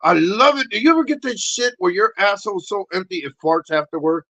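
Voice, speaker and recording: A man hosting a livestream, rambling through a crude comic rant, acting out little voices and bursting into shouts. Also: high voice, a little fast, dull audio. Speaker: livestream host.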